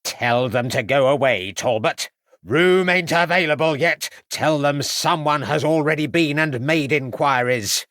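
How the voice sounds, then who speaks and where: A man voicing a loud, formidable, buxom middle-aged landlady who booms and gives orders. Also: measured pace, no echo, studio quality. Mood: shouting. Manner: booming, bossy, dismissive.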